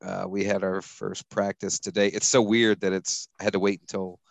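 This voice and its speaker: Male podcast host, lowish voice, dry close sound, chuckly and rambling. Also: little pitch movement, moderate pace, vocal fry, no room sound, poor audio. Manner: chuckles often, loose and rambling. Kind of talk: casual sports chat.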